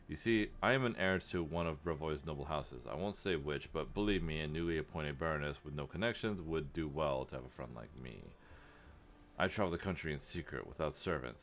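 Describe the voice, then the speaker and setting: A man reading aloud the lines of a polite, ambitious teenage noble heir, courteous and persuasive. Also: extremely low pitch.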